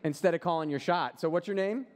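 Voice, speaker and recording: A man co-hosting a live convention panel, with playful, lively emcee patter. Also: high-pitched, fast talker. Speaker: podcast co-host on a live panel. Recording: echoey convention hall.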